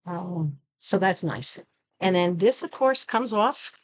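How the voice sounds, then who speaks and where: A woman's voice: fairly low pitch, expressive, slow, a little hiss or hum. A woman chatting casually through a product unboxing, showing each item as she talks. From Arizona. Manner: chatty, shows items while talking. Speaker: product review vlogger.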